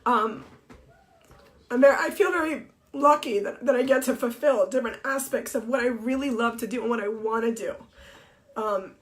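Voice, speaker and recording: A middle-aged woman and blogger talking on a Facebook Live, tearful and halting with many restarts, crying as she speaks. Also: a little high. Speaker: blogger and TV co-host. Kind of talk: emotional Facebook Live monologue. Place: home office.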